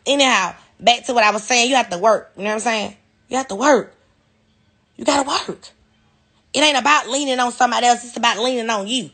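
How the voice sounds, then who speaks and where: A woman's voice: a little high, very fast, few pauses, a bit bright. A woman ranting bluntly and defiantly on a live stream, swearing freely and laughing things off. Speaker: reality TV personality in a clip. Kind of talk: heated live-stream rant.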